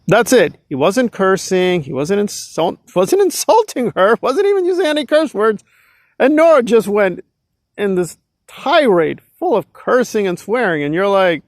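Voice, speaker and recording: A man with a fairly high voice rants in casual vlog commentary. He sounds sarcastic and exasperated and scatters filler likes through his talk. The recording is close and dry. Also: lively intonation, normal speed, no echo. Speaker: commentary vlogger.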